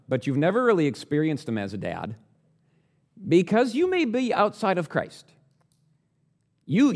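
A man preaching a sermon, earnest and direct, asking the listeners questions and building up louder on the points he stresses. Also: a little high.

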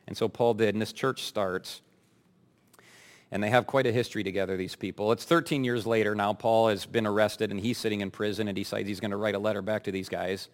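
A man's voice: lowish voice, fairly quick. A male pastor preaching a sermon in a conversational, emphatic way, with wry asides to his congregation. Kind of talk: expository sermon.

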